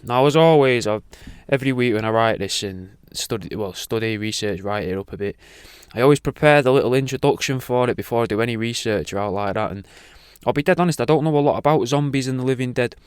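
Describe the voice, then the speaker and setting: Rambling, swearing radio host. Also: male voice, mid-range voice, fast talker, few pauses, clear, resonant tone, dry recording, studio quality. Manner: rambling, swears a lot, goes off on tangents. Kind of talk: casual rambling talk show. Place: radio studio.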